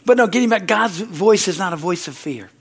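Animated man preaching a sermon. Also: high-pitched, fairly quick, husky. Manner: conversational preaching with frequent "Amen?" and "Hallelujah"; acts out quoted voices, rising loud at peaks and dropping soft. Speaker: pastor.

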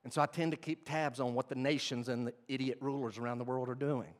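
A middle-aged male pastor preaching a sermon, swinging between loud emphatic bursts and quiet, low stretches. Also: steady tone, quick pace.

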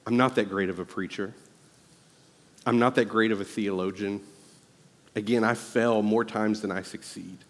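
A male pastor preaching a sermon, telling a personal story earnestly and rising to loud, emphatic exhortation. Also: on the low side, long reverb tail.

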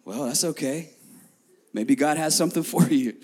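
A man in his thirties, a pastor preaching a sermon to his congregation, telling stories lively, repeating phrases and talking straight to the crowd. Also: on the high side, moderate pace. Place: church before a congregation.

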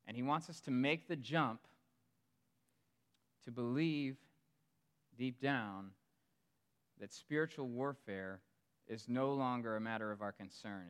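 Pastor guy preaching, tells it like a story, goes quiet then punches it up, middle pitch. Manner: storytelling, swings from hushed to emphatic. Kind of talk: sermon.

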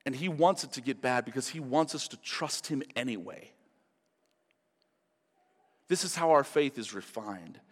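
A male pastor preaching a sermon, animated, acting out quotes in different voices. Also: medium pitch, measured pace, pauses often, in a large hall.

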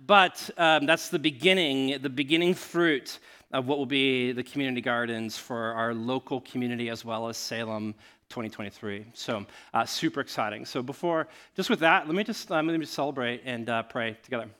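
A man's voice: mid-range voice, fairly quick. A man preaching to his church, first praying and then telling a story, with many fillers and restarts. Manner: grows animated and laughing while telling a story. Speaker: pastor. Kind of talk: sermon with storytelling.

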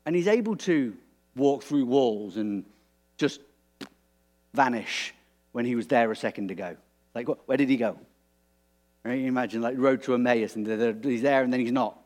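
A man preaching a sermon in a relaxed, conversational way, animated and prone to restarts. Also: mid-range voice, moderate pace, pauses often.

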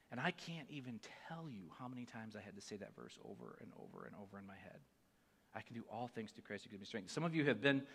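A man in his forties giving an earnest sermon testimony, moving between hushed and emphatic delivery. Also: mid-range voice. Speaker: church speaker sharing a testimony. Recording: long reverb of a large hall.

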